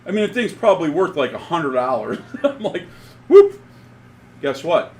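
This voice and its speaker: A man's voice: a little high, a little fast. A man co-hosting a casual chat, telling a funny story with lots of laughter and acted-out dialogue. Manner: animated storyteller, laughs often, acts out dialogue. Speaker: podcast co-host.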